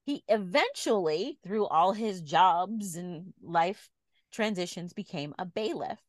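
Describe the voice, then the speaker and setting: A woman's voice: on the low side, lively intonation, slow pace, dry recording. A woman co-hosting a podcast, telling a story in a chatty way and laughing easily. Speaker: podcast co-host. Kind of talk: casual chat, storytelling.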